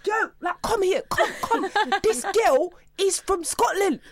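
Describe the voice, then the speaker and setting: A woman putting on a gawking, excited Londoner who shouts in amazement. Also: very high voice, measured pace, a little hiss or hum, pitched above the performer's own voice, heavily acted. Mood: amazed.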